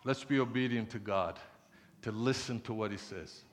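A man's voice: on the low side, moderate pace. An older man preaching a sermon in an earnest, conversational way, with chatty asides. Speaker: pastor. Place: church hall. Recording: long reverb of a large hall.

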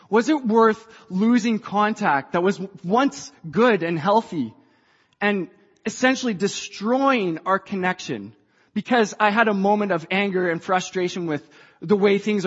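A woman preaching a sermon to a church, passionate and rising to shouts. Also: medium pitch, slightly rough. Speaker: church speaker. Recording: dull sound in a reverberant hall.

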